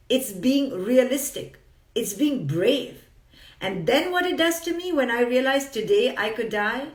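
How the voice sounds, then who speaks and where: A woman's voice: fairly high pitch, echoey room, far from the mic. Emphatic woman giving a motivational talk. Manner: earnest, emphatic, repeats phrases for effect. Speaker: psychologist giving a live talk. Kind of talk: motivational live-stream talk.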